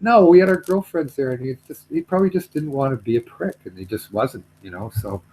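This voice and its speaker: A man's voice: medium pitch, a little fast, dark tone, a little hiss or hum, poor audio. A middle-aged man telling a story in casual chat, rambling, repeating himself, trailing off.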